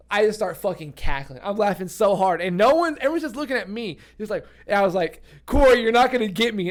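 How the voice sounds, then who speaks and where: A young man co-hosting a podcast, telling a story in casual chat with lots of laughter and swearing. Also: sits high. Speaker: podcast co-host.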